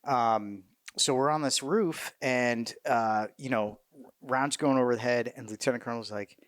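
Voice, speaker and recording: Profane, animated middle-aged man storyteller. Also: mid-range voice, normal speed, no echo, clean studio sound. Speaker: interview guest, military veteran. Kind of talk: casual storytelling interview.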